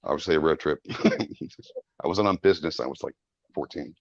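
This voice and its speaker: A man in his forties co-hosting a live stream in casual chat, rambling and quick to laugh. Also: a bass voice, gravelly, no room sound, muffled recording. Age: 40s.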